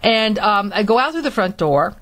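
A woman from Florida telling a personal story in a halting manner, with many restarts. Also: mid-range voice, sing-song, fairly bright tone. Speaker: speaker recounting her experiences.

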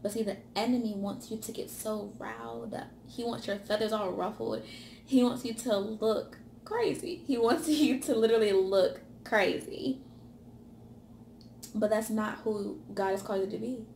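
A woman giving a motivational sermon, stacking repeated phrases for emphasis and dropping to a hush on key words. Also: mid-range voice, fairly even intonation, normal speed, gravelly, echoey room, slight background noise. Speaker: ministry speaker.

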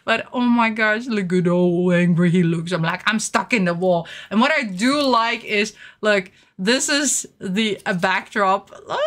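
Bright, gushing young woman. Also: mid-range voice. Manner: gushing, excitable, giggles often. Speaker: merchandise collector showing items. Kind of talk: casual unboxing chat.

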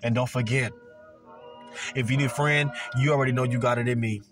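A man's voice: mid-range voice, steady tone, brisk, music in the background. A man, giving a profane motivational sermon, emphatic and repetitive with heavy swearing. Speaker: motivational speaker.

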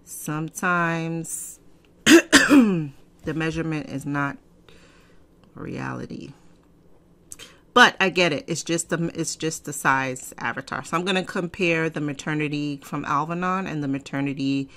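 A woman hosting a casual software tutorial, chatty and digressive, often clearing her throat. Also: low-pitched, unhurried, long pauses. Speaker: fashion software tutorial host. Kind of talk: casual screen-recorded tutorial. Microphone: desk microphone.

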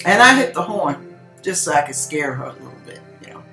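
A woman's voice: fairly low pitch, very animated, a little fast, bright, forceful tone. An older woman tells a personal story with plenty of animation. Her voice rises and falls widely, and she acts out other people's voices as she goes. The room is echoey, with faint music underneath. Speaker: channel host telling a testimony.

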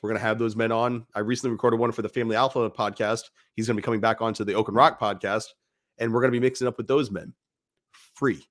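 A man's voice: medium pitch, a bit bright. A man co-hosting a podcast, giving blunt, profane, emphatic motivational talk to fathers. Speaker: podcast co-host.

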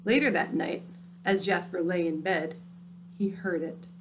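A woman reading a picture book aloud, dramatic and dropping into hushed, spooky tones. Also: on the low side, a little slow, a little hiss or hum. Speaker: storyteller.

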